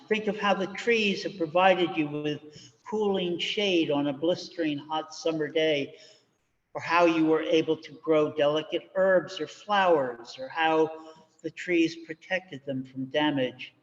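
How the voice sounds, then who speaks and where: Slow-spoken minister in a reverberant church. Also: male voice, on the high side, a bit bright. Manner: slow, measured and reflective. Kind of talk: sermon. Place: church sanctuary. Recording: dull recording with long church reverb.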